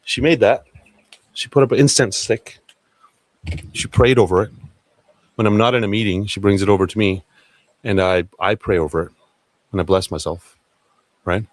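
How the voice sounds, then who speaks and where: Low-voiced guy ranting on his livestream, swears a lot, dry room. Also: moderate pace, long pauses, dry recording. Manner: rambling, profane, excitable. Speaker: livestream host. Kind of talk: casual livestream talk.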